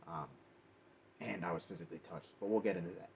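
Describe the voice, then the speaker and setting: Deep-voiced man telling a ghost story. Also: fast, gravelly. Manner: chatty, animated slang-filled storytelling with restarts. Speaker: paranormal vlogger. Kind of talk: casual storytelling to camera. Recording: dull lo-fi audio with faint noise.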